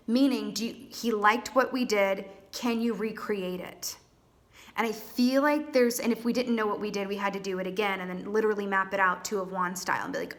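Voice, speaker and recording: A tarot reader faces the camera, her medium-pitched voice a bit bright and moving at a moderate pace. Like a trained stage performer, she reads the cards in a chatty, theatrical style, calling viewers honey and darlings.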